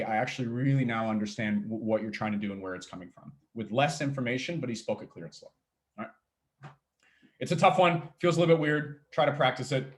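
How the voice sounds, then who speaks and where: A man coaching founders on pitching, talking fast and energetically, checking in constantly with "okay?" and "all right?". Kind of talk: workshop talk on pitching.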